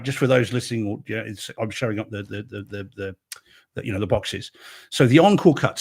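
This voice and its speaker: A man's voice: mid-range voice, husky. Easygoing man in casual chat. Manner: easygoing, laughs often, many restarts. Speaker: co-host.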